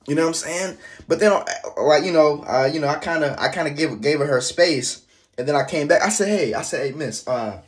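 A man telling a casual spoken anecdote, halting, full of restarts and slangy fillers. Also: fairly high pitch. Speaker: storyteller.

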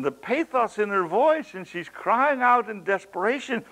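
A man's voice: high-pitched, big pitch swings, moderate pace, fairly bright tone, rough recording. A man preaching a sermon, with dramatic swings in his delivery, folksy storytelling asides and occasional chuckles.

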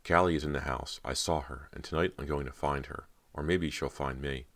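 A man's voice: rumbling low, steady tone, brisk, fairly bright tone. A man doing an anxious teenage girl. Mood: brooding.

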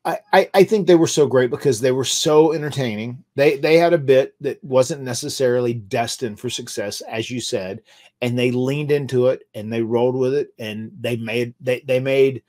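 A man's voice: mid-range voice, moderate pace, darkish tone. A man with a Southern US accent, hosting a podcast, chatting casually and often restarting his words with little stammers. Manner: stammers on restarts, laughs easily. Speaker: podcast host, former wrestler. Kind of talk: casual chat.

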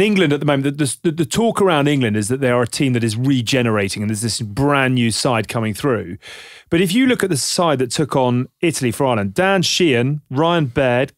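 A man's voice: medium pitch, no room sound, studio quality. A man co-hosting a podcast, playfully teasing guests and steering the conversation with questions. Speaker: podcast co-host. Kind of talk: casual chat, asking questions.

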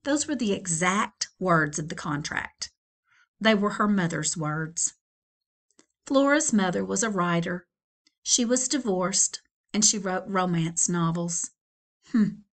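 A woman's voice: fairly low pitch, animated, slow. A middle-aged woman, a school librarian, reading a children's novel aloud with chatty asides to young listeners.

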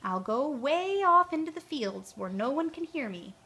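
A woman's voice: high-pitched, big pitch swings, moderate pace, bright, forceful tone, voice pushed up, exaggerated voice. A woman voicing a small, eager boy who talks earnestly and politely in a read-aloud storybook.

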